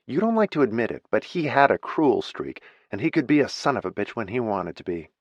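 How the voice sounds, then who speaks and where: A man's voice: medium pitch, sing-song, brisk, dry recording, lo-fi sound, voice pushed up. A male narrator voicing an outspoken grown daughter who speaks bitterly and bluntly. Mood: indignant.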